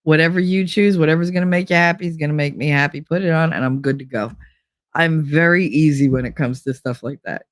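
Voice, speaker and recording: A woman's voice: low voice, a little fast, no room sound, studio quality. Stuffy-nosed woman chatting bluntly. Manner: blunt, laughs often, talks back to chat. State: congested, stuffy nose. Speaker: livestream host reading chat. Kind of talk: casual chat.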